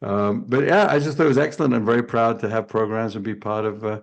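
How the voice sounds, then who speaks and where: A man's voice: lowish voice, fast talker, creaky, highs cut off. A man speaking as a sales coach on a video panel, chatty and jokey with many restarts. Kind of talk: casual panel chat.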